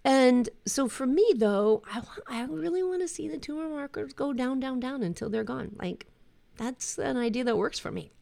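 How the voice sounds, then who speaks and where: A woman's voice: high voice, animated, moderate pace, vocal fry, a little mellow. A middle-aged woman hosting a podcast, speaking frankly and reflectively in a conversational way. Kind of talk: candid personal talk.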